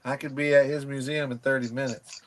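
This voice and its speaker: A man's voice: medium pitch, level tone, fairly quick, over a noisy crowd. A man in casual chat, asking earnest questions. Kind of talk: casual chat on a live stream.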